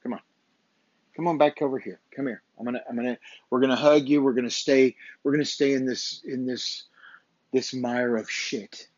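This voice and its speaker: A man's voice: on the high side, a little slow, a little mellow, no room sound. A man voicing a taunting spiritual enemy who hurls repeated insults, on a dull, dry recording. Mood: coaxing. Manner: sneering, insulting, repetitive. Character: taunting male spiritual enemy, sneering tormentor.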